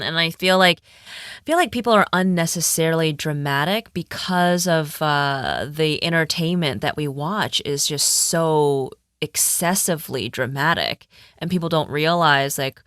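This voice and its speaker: A woman's voice: low-pitched, unhurried, fairly bright tone, smooth, no echo, studio quality. A woman hosting an interview, responding supportively and adding her own thoughts in casual chat. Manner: supportive, frequent affirming murmurs. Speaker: interview host, career astrologer.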